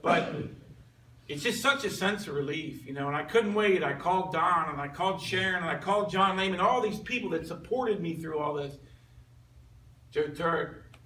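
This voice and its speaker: A man with a bright, somewhat high voice tells his testimony to a men's group. He speaks earnestly and conversationally, heard from a distance in an echoey room. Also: normal speed, a little hiss or hum. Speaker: man giving a personal testimony. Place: meeting room with a group listening. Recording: echoey room recorded from far off.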